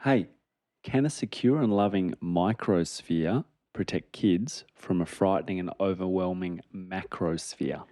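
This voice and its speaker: Low-voiced man asking short questions. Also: a little slow, mellow. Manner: brief affirmations and direct questions. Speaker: podcast co-host asking questions. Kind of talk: casual conversational interviewing.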